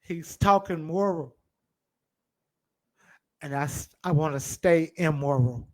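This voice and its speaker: A man preaching a sermon, acting out a wrongdoer's mindset in the first person and swinging between loud cries and low murmurs. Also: takes it slowly. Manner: speaks in first person as a wrongdoer to make a point.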